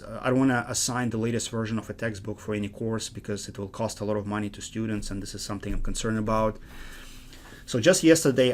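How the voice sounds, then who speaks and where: A man's voice: lowish voice, slight background noise. A man with an Eastern European accent, a course instructor giving an earnest online course introduction with many restarts and fillers.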